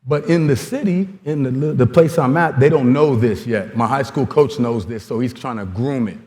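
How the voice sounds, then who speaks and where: A man in his forties giving an animated storytelling talk at a coaching conference, acting out quoted dialogue as he goes. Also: mid-range voice, moderate pace. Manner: lively storyteller who acts out quoted dialogue. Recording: long hall reverb.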